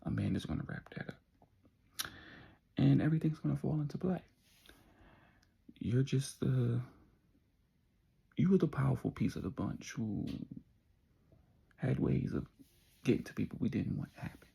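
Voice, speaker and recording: A cold, treacherous lover speaks in an even, gravelly voice, as a man puts him on in a spoken story. The tone is very husky and mellow. He sounds unbothered by what he is saying. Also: medium pitch, unhurried, pauses often, full character voice.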